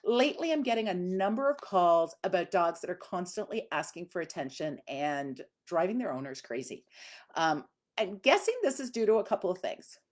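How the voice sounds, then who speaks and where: A woman's voice: lowish voice, very animated, moderate pace. A middle-aged woman, a dog trainer, teaching casually on a live stream in a chatty, conversational way with lots of fillers.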